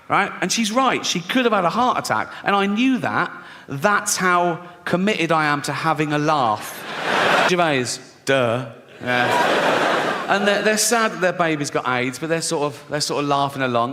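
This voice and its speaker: A man's voice: on the high side, lively intonation, normal speed, sharp tone. An English man in his sixties doing a stand-up comedy routine, swearing and acting out voices in his stories, with a dry delivery. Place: large theatre stage. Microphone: stage microphone. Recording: live theatre recording with long reverb.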